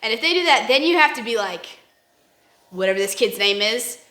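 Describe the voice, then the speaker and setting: A woman's voice: on the high side, animated, brisk, sharp tone. A woman co-hosting a casual faith discussion, rambling and acting out examples in quoted voices. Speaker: podcast co-host. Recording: roomy echo.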